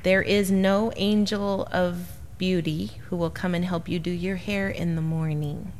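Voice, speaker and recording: A middle-aged woman teaching the Bible in a casual, animated way, acting out the people in her stories. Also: lowish voice, unhurried, long reverb tail, a little hiss or hum. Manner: animated storyteller, quotes people in voices.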